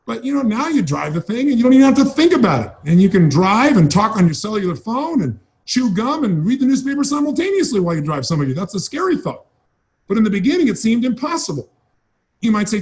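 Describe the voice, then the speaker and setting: A man's voice: high voice, very animated, fast, darkish tone. A man giving a motivational seminar talk, speaking emphatically and dramatically, repeating phrases for effect. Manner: dramatic, acts out voices of people he describes.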